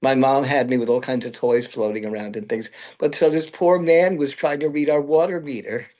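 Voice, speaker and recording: A man's voice: mid-range voice, steady tone, a little fast, a little mellow, dull audio. A man from Brooklyn, a guest in an interview, telling long rambling anecdotes and laughing at his own stories. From Brooklyn, New York. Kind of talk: interview conversation.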